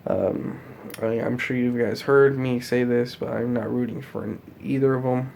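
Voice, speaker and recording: A man in his twenties with a gravelly, fry-tinged voice talks in a loose vlog monologue. He rambles, swears freely and fills the gaps with ums and you-knows. A faint noise sits behind him. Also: mid-range voice, fairly even intonation, a little slow, a little mellow. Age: 20s. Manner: rambling, profane, full of fillers. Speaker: vlogger.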